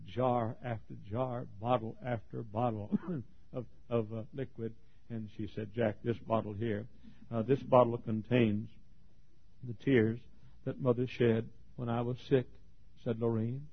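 A man preaching a sermon, telling a story with strong emotion that swings between hushed tones and near-shouting, with stammers and small chuckles. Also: mid-range voice, gravelly, husky. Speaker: pastor. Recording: dull lo-fi recording.

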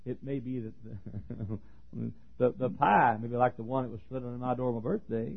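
A husky male pastor preaching a folksy, joking sermon that swings from hushed talk to shouting. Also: medium pitch, steady tone, normal speed. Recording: tinny lo-fi sermon recording.

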